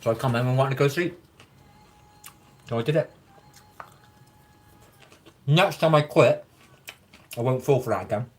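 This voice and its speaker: A man's voice: medium pitch, moderate pace, pauses often, a little hiss or hum. A man chatting casually on a livestream, answering viewer comments in a rambling, frank way, swearing freely and encouraging his viewers.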